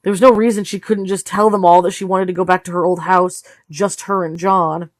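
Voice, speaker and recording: A tired woman reading a novel aloud in steady, low-key storytelling narration. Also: fairly quick, no echo. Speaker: audiobook reader. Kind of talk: read-along narration of a novel.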